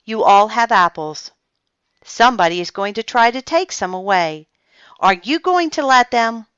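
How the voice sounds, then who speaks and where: A woman's voice: mid-range voice, animated, moderate pace, a bit bright, smooth, dry recording, muffled recording, pitched above the performer's own voice, close to an everyday voice. Woman reading as Amelia Bedelia, cheery housekeeper. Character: cheerful literal-minded adult housekeeper woman.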